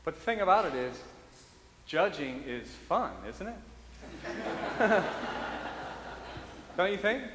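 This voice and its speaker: Male priest, humorous sermon, slightly high voice, long church reverb. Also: sing-song, slow, pauses often, background noise. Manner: humorous storytelling, self-mocking, chuckles often. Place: church sanctuary. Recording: roomy echoey church hall.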